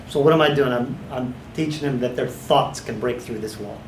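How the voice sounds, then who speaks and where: A man teaching a small class of hypnotherapy students, sometimes slipping into a slow, authoritative guided-imagery voice. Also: medium pitch, slight background noise. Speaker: hypnotherapy trainer. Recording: echoey room.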